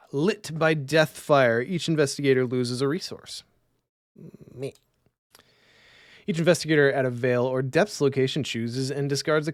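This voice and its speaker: A man's voice: mid-range voice, no room sound, studio quality. Man muttering through a solo card game. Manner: mutters rules half to himself, chats with viewers. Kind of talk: casual live-stream commentary.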